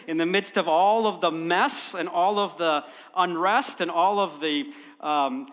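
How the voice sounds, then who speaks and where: A man's voice: high-pitched, in a large hall. A man preaching a sermon as a guest, telling stories and asking the congregation rhetorical questions. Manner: warm storyteller, rhetorical questions.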